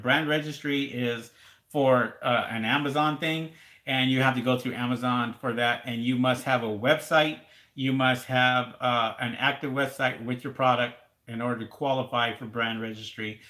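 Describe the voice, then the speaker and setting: A man's voice: medium pitch, sharp tone, roomy sound. A man hosting a casual live question-and-answer stream, rambling and repeating words as he talks straight to his viewers. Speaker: livestream host answering seller questions.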